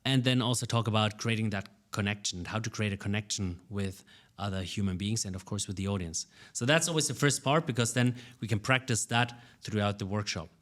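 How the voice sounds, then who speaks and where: A man with a lowish voice answers interview questions about his work as a public speaking coach. He talks with lively energy and often stumbles over his first words before finding his point. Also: fairly quick, few pauses. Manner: energetic, animated, repeats words when starting sentences.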